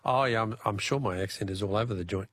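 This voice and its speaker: A man's voice: on the low side, fast talker, fairly bright tone. An Australian man hosting a radio talkback quiz in a chatty, jokey way, chuckling at himself between callers.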